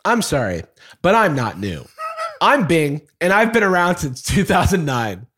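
A man's voice: fairly high pitch, sing-song, a little slow, fairly bright tone, slight background noise. A man reading aloud as a stubborn, passive-aggressive male chatbot that insists politely and firmly. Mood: insistent. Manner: polite phrasing with mounting insistence, read aloud. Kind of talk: dramatic reading of a chat log.

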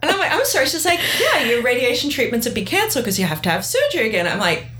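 A woman's voice: on the high side, very fast, slight background noise. A middle-aged woman in casual conversation, telling a personal story and animatedly acting out the lines of other people. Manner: animated, acts out quoted dialogue. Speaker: guest sharing her story.

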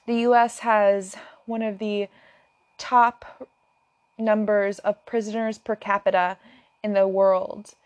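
A woman's voice: medium pitch, flat delivery, slow pace, a little mellow, dry recording. A woman talking straight to her viewers in an earnest, impassioned way, at times close to tears. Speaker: vlogger. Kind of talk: emotional direct-to-camera talk.

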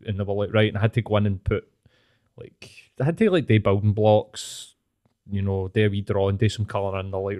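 A man's voice: fairly low pitch, fairly quick, dark tone, clean tone. A young Scottish man hosting a podcast, telling stories animatedly with swearing and laughter. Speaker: podcast host. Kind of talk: casual chat.

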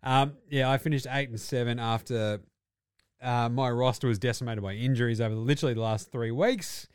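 A man's voice: medium pitch, fairly quick, clean tone, dry recording, studio quality. A man co-hosting a casual sports podcast, rambling, swearing and laughing as he talks. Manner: profane, rambling, laughs often. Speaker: podcast co-host.

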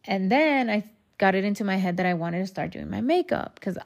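A woman with a medium-pitched, creaky voice talks a little fast and with animation. She's a candid podcast host who rambles, cusses freely, and calls her listeners y'all in a casual solo monologue.

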